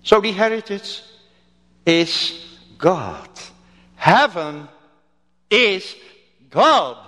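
A male pastor preaching a sermon with slow, emphatic delivery and wide swings in pitch. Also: big pitch swings, pushed and bright. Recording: long reverb of a church hall.

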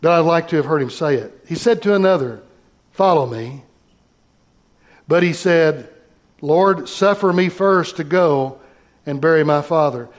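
A man's voice: on the high side, moderate pace. A man pastor preaching a sermon, reading scripture aloud and talking directly to his congregation.

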